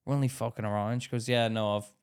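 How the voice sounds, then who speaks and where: A man co-hosting a podcast, telling an animated story in casual chat, acting out what people said and laughing often. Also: lowish voice, fast talker, clean tone. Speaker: podcast co-host.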